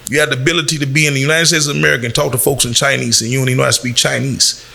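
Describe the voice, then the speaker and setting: A man's voice: medium pitch, level tone, very fast, creaky, pushed and bright. A man from Chicago lecturing young people in a blunt, preachy way, his voice climbing on the points he stresses. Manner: blunt, lecturing, rising on emphasis. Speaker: community speaker.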